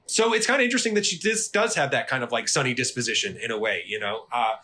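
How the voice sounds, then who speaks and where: A man co-hosting an anime podcast in casual chat, animated and swearing, acting out characters' lines. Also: mid-range voice, quick pace, a little hiss or hum. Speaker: podcast co-host.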